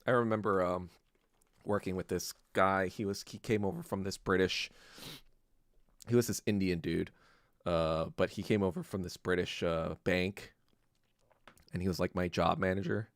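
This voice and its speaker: A man hosting a podcast in a casual, profane rant that swings between low muttering and loud outbursts. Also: fairly even intonation, normal speed, pauses often, dry recording, studio quality. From Korea. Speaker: podcast host. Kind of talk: casual ranting monologue.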